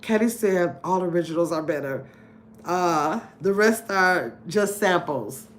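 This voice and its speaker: On a casual livestream game night, a middle-aged woman with a lowish voice speaks unhurriedly with lively intonation. She chats away, laughs frequently, reads viewer comments out loud, and speaks right to her viewers.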